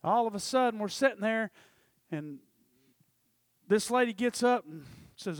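A man preaching a testimony, storytelling with passion and swinging from loud to hushed. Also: high voice, animated, normal speed, long pauses, no echo, studio quality. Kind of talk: sermon testimony.

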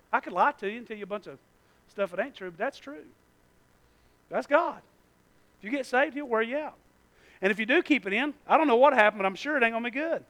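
A man preaching a sermon, telling stories with animation and swinging from shouts to hushed tones, and speaking folksy and directly to the congregation. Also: very high-pitched.

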